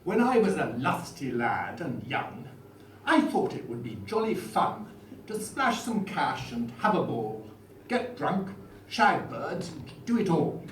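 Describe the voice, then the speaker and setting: A man's voice: fairly high pitch, very animated, takes it slowly, hardly any pauses. A man performing a pompous upper-class politician in an Etonian accent, reciting boastful rhyming verse. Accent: upper-class English (Etonian). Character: pompous posh male prime minister, boastful rake. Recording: roomy hall, far mic, noisy.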